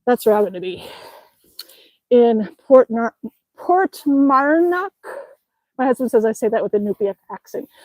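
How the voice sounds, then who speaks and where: A woman's voice: mid-range voice, fairly quick, pauses often, warm tone, dry recording, poor audio. A woman vlogger chatting on a live stream outdoors in the snow, reading viewer comments aloud and laughing often, a little out of breath from a workout. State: slightly out of breath from exercising outdoors.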